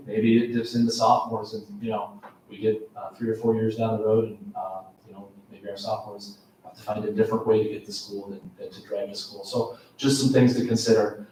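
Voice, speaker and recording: A man talks through slides at a school board workshop in an even, unhurried monotone, often pausing on an um. He is picked up from afar in a big, very reverberant meeting room, with faint room noise behind him. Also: on the low side. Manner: measured, steady, with frequent ums and restarts. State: has a cough. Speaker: school administrator presenting to a board. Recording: very echoey meeting room, distant mic.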